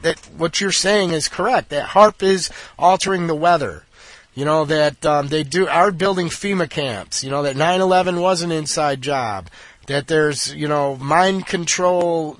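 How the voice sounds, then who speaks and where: A man's voice: a little high, a bit bright, no room sound. A man ranting in an angry, blunt monologue full of repetition and swearing. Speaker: political commentator.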